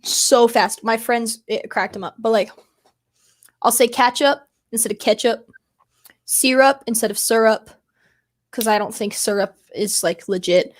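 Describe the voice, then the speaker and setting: A woman with a fairly high voice chats casually as a podcast co-host. She tells stories about herself with a self-deprecating streak and fills her sentences with "like.". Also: measured pace. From United States. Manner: chatty, self-deprecating, full of "like" fillers.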